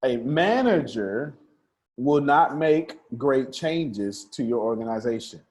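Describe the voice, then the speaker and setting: A man's voice: mid-range voice, animated, takes it slowly, a little mellow. A man leading a group study session, with a folksy, preacher-like cadence and repeated lines for emphasis. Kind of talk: lively teaching talk with a small group.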